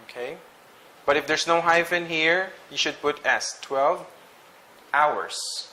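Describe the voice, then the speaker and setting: Male grammar teacher, higher voice, bright tone, patient explanations with frequent check-ins and self-corrections. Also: slow, slight background noise, poor audio. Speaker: English teacher. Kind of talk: classroom grammar lesson.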